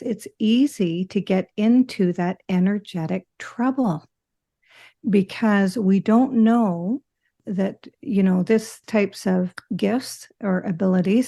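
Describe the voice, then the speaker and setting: Woman host, slow and reflective, gravelly fry, dark mellow tone. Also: medium pitch. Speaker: podcast host. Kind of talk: conversational interview.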